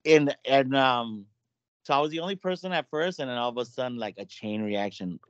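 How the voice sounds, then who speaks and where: A man guest telling a story in a casual chat, animated and acting out the dialogue. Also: mid-range voice, a little fast, dry recording, dull audio.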